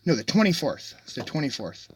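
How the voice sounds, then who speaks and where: A man's voice: fairly high pitch, sing-song, fairly quick, slight background noise. A man livestreaming from inside a vehicle, telling a story in a rambling, shaky way, full of restarts and self-corrections. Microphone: dashboard camera.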